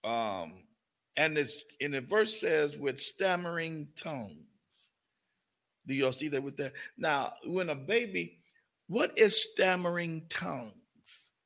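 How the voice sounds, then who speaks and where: An older man preaches a Bible study sermon. His voice sits high and bright with a gravelly edge. He talks slowly and folksily, calling on the people in front of him. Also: animated. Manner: folksy, calls on listeners, puts on a cooing grandparent voice. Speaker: pastor.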